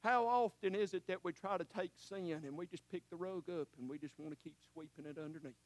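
A male preacher with a high-pitched voice talks fast, his sermon swinging from shouting to hushed, emotional asides as he calls listeners honey. There's no echo.

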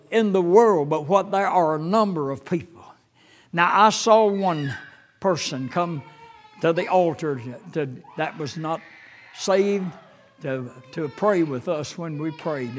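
This older pastor's high-pitched sermon moves haltingly, full of fillers. Quoting scripture, he lifts into fervent intensity.

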